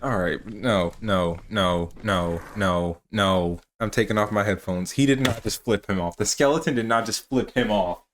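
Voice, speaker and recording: A man's voice: lowish voice, moderate pace, few pauses, a little hiss or hum. A man giving a sarcastic, exasperated comedic recap of a horror film, often laughing at it. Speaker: film reviewer. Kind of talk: comedic movie recap commentary.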